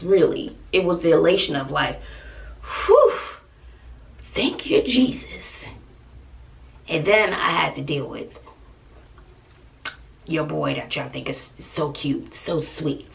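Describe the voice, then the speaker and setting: A gravelly-voiced woman in her forties with a Texan accent vents to her vlog audience, emphatic and exasperated. Her voice sits a bit back from the microphone, with a rough fry running through it. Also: low-pitched, fairly bright tone, distant mic. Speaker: family vlogger. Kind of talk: venting to camera.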